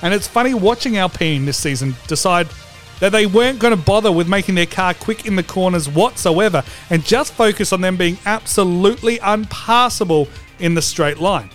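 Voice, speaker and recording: A man hosting a comedic racing preview vlog, brash, profane and theatrical. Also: high voice. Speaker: host.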